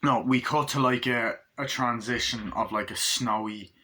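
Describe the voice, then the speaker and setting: Guy doing a chill movie review, kinda rambly and sweary, bright punchy voice. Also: mid-range voice, moderate pace. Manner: rambling, excitable, swears freely. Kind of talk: casual spoken movie review.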